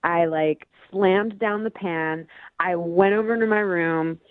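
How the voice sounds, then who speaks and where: A woman's voice: on the low side, takes it slowly, no echo. Woman caller on a tinny phone line. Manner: chatty, rambling with many "like" and "you know". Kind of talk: phone-in radio call.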